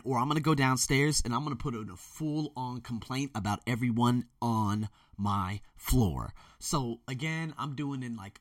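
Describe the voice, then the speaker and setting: A man's voice: mid-range voice, fairly bright tone, dry recording, recorded from a distance. A young man hosting a podcast, ranting bluntly and profanely in a casual monologue from his bedroom. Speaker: podcast host. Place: bedroom with door closed. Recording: dry room, voice a bit off-mic.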